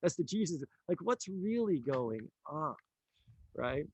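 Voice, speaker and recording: Animated man telling a story, dry sound. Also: fairly high pitch, slow, husky, dry recording. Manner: animated storyteller, acts out characters' lines, laughs often. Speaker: author and teacher. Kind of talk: casual conversation, storytelling.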